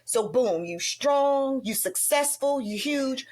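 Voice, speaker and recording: A middle-aged woman hosting a podcast, telling an emotional story in an animated way and acting out the lines she quotes. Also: high-pitched, slow pace. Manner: animated, acts out quoted dialogue. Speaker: podcast host.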